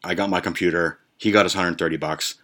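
Man, deep low voice, podcast host, casual rant, swears a lot, rambling with ums and restarts. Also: fairly even intonation, fairly quick, pushed and bright. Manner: profane, rambling, with many fillers and restarts.

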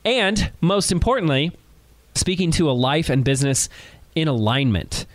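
A man's voice: a little high, expressive, moderate pace, dry recording. A man hosting a podcast in an upbeat, emphatic, friendly way, introducing his guests. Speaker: podcast host.

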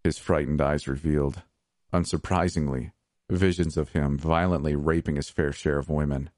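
A man narrating dark first-person fiction in a measured, unhurried way. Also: extremely low pitch, fairly even intonation, no echo, studio quality.

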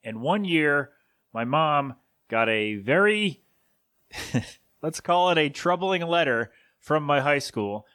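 A man's voice: a little high, lively intonation, slow pace, sharp tone, clean tone. A man in his thirties hosting a podcast, telling a story in a casual, rambling way that corrects itself as he goes. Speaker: podcast host.

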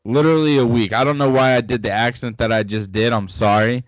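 A man's voice: on the low side, fairly even intonation, fairly quick, dry recording. A young man co-hosting a casual sports podcast, upbeat and joking. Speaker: podcast co-host.

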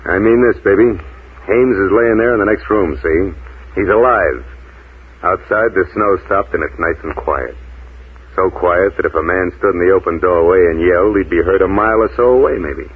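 A man's voice: low-pitched, moderate pace, breathy edge. An actor playing a cocky, ruthless male gangster in a 1940s radio play, taunting in clipped slang. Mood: menacing. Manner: taunting, clipped slang with repeated "see?" and "baby". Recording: tinny old radio broadcast.

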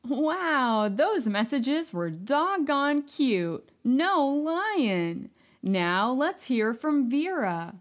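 Slow, lively woman telling children's stories. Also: sits high. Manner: gentle, playful and upbeat. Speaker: host and narrator of a children's story show. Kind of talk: scripted storytelling for children.

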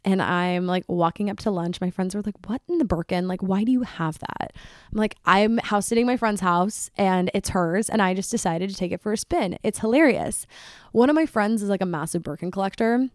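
A young woman in her twenties hosts a solo podcast, talking close to a dry, deadened mic. She rambles casually with lots of "like", and her pitch sits in an ordinary middle range. When she acts out her friends' lines, her delivery jumps up in drama. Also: a little fast, no echo. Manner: chatty, dramatic, heavy use of "like", quotes friends in animated bursts. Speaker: podcast host.

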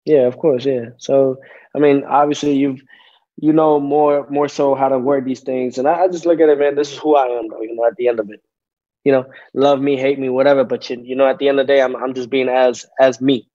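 Young guy in his 20s on a video call, talks haltingly, lots of ums, muffled lo-fi sound. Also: mid-range voice, little pitch movement, mellow. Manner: halting, many fillers and restarts. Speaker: interview guest, athlete. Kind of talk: casual interview answers.

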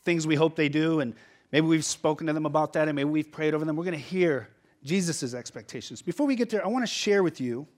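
A man's voice: on the high side, fast talker, a little mellow. A man preaching a sermon as pastor, conversational and emphatic, often checking in with the listeners.

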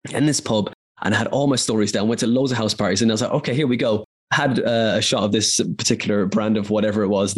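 A man in his forties from Ireland, a voice actor telling long, rambling stories in a casual interview. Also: on the low side. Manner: rambling anecdotal storyteller, quick bursts.

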